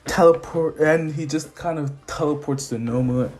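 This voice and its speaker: A man's voice: on the high side, normal speed, a little mellow. A man casually retelling an improvised anime fan story, rambling with restarts and laughs.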